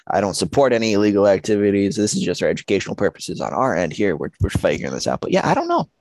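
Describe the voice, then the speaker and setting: A man's voice: lowish voice, huge pitch swings, racing, darkish tone, dry recording. A young man co-hosting a podcast, easygoing and joking in casual chat. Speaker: podcast co-host.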